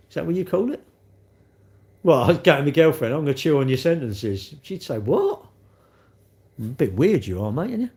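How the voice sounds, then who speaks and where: A man's voice: medium pitch, a little mellow. A middle-aged man chatting on a phone livestream, rambling and bantering cheekily with viewers. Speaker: livestream host. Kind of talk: casual chat answering live comments.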